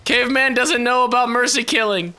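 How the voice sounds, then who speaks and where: A young male gaming creator with an extremely high-pitched voice talks a little fast while he plays. He keeps up animated, profane, casual commentary, mostly talking to himself.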